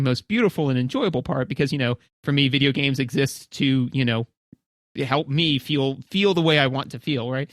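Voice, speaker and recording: Warm, animated man in his thirties, chatting casually on a podcast and acting out his own reactions with plenty of restarts. His voice sits a little high for a man and sounds close and dry, with no room around it. He talks like he's telling a story to a friend. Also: no echo. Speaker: podcast co-host. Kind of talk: casual chat.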